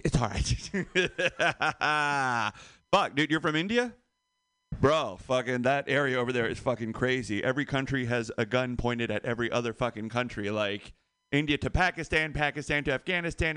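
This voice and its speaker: A man doing a stand-up comedy set, animated and laughing at his own jokes. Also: mid-range voice, smooth, dry recording, studio quality.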